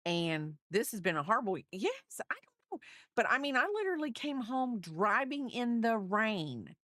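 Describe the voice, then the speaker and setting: A woman's voice: on the high side, sing-song, normal speed, a bit bright, dry recording, clean studio sound. A woman crochet streamer in a rambling, chatty livestream, talking to her viewers. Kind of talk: casual livestream chat.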